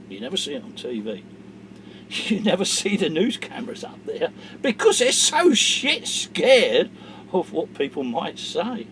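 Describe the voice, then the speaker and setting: Man, middle-aged, angry vlog rant, high voice, very animated pitch. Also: measured pace, a little hiss or hum. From England. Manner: ranting, swings from low mutters to shouting. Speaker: vlogger. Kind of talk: angry monologue to camera.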